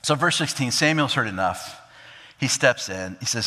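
An earnest male pastor preaches a sermon with a bright, forceful voice. He walks through the text and acts out its scenes, and his words ring in a long hall reverb. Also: medium pitch, animated, moderate pace.

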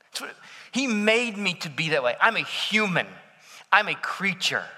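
A man preaching a sermon as pastor, swinging between bold declarations and hushed near-whispers. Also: sits high, sing-song, normal speed, long reverb tail. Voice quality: dramatic shifts between loud declaration and soft near-whisper.

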